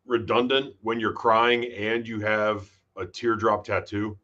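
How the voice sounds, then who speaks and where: A man co-hosting a casual sports podcast, relaxed and asking questions. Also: fairly low pitch, measured pace, highs cut off. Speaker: podcast co-host.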